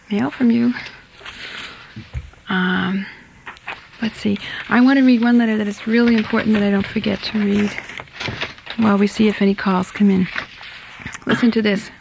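A woman hosting a call-in radio show, reading listener letters aloud in a measured, deliberate way. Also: mid-range voice, vocal fry, darkish tone, low-quality recording. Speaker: radio host.

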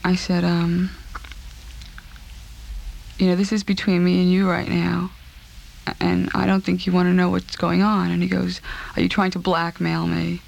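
A woman recounting a personal ordeal in an interview, speaking in a halting, subdued way and repeating herself. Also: fairly low pitch, completely flat delivery, creaky, darkish tone.

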